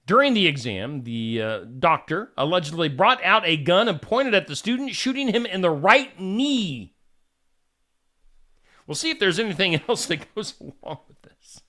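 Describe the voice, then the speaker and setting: A man's voice: high voice, very animated, normal speed, pushed and bright. A male host reading odd news stories aloud and adding wry asides between them.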